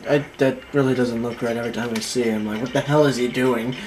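A woman's voice: very deep voice, steady tone, fast. A woman giving casual, joking commentary while playing a video game, swearing and laughing freely. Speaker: gamer.

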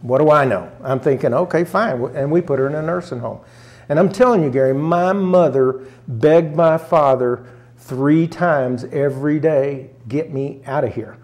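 A man's voice: on the high side, moderate pace, darkish tone. An older man from rural Arkansas sits as an interview guest and tells a personal family story. He speaks earnestly and emotionally, and his voice catches as he goes. He acts out what his relatives said along the way.

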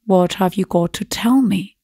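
A woman voicing a testy, deaf old grandfather in a storybook reading, loud and gruff. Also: mid-range voice, a little slow, no room sound, clean studio sound.

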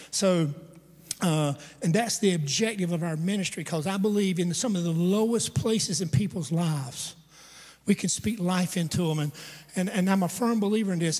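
A pastor preaching a storytelling sermon to his congregation, conversational and humorous, with asides to the listeners. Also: high-pitched. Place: church sanctuary. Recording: long church hall reverb.

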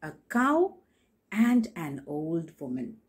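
A middle-aged woman teacher reads a picture book to small children, pausing to explain words. Her voice is husky, her pace slow, and her pitch rises and falls in a lively way. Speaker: primary school teacher. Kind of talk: reading a storybook aloud to children.

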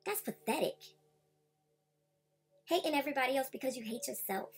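A woman's voice: high-pitched, brisk, soft background music. A woman vlogger ranting heatedly and confronting rivals directly. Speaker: YouTube commentator. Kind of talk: vlog rant.

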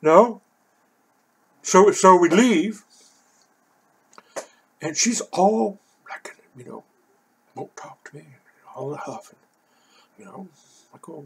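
An older man from California, hoarse, telling a rambling personal story full of "you know". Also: sits high, big pitch swings, slow pace, pauses often, slight background noise. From Oakland, California.

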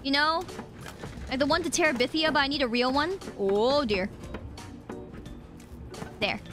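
A young woman streaming a game, talking back to it with sassy quick comebacks. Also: high voice, animated. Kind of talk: casual gaming stream chat. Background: game music.

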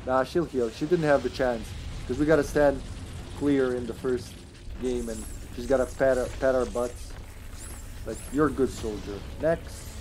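A man streaming a video game live, chatting casually and playfully, breaking into excited shouts. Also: mid-range voice, moderate pace, a little hiss or hum. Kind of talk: live gameplay commentary.

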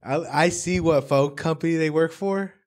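A man co-hosting a podcast, chatting casually and joking along easily. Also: fairly high pitch. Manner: easygoing, laughs often, quick to joke along. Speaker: podcast co-host. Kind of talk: casual chat.

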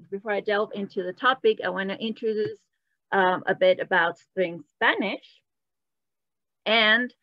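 A woman's voice: medium pitch, dry recording. Woman, Spanish teacher, live online class, dull dry lo-fi sound, bilingual quizzing. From Latin America. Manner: switches between English and Spanish, quizzing the chat.

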